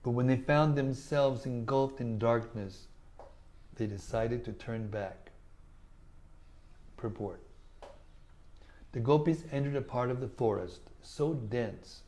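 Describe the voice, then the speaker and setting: A man giving a measured, deliberate devotional scripture reading. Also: mid-range voice, warm tone. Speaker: scripture reader.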